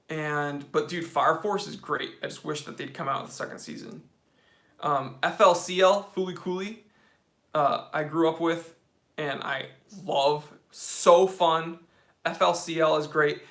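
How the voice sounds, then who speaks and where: Bright-voiced enthusiastic American man streaming. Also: fairly high pitch. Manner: casual, enthusiastic, says dude a lot. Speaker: watch channel host. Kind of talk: livestream chat reading comments.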